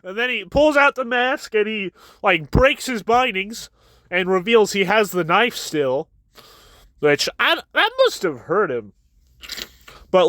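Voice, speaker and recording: A man talks through a manga chapter in a loose, rambling recap, stopping often to restart his thoughts. His voice sits high and bright, and it is recorded dry and close with no room sound. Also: no room sound. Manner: rambling, retells scenes with quick quoted voices. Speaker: manga reviewer. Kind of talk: casual chapter recap and commentary.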